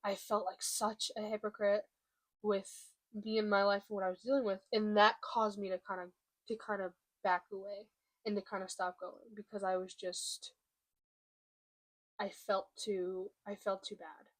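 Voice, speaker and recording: A young woman in a confessional vlog, speaking candidly and haltingly while holding back emotion. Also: medium pitch, flat delivery. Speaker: vlogger. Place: room by a window, at home.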